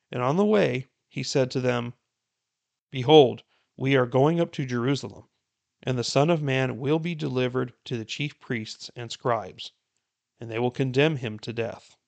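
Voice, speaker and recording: A man with a gravelly, creaky voice at a middle pitch reads scripture aloud in an earnest, unhurried way. He then slips into relaxed, chatty commentary as he explains the passage to his listeners. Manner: earnest, unhurried reading that turns to warm casual commentary. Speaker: Bible reading plan host.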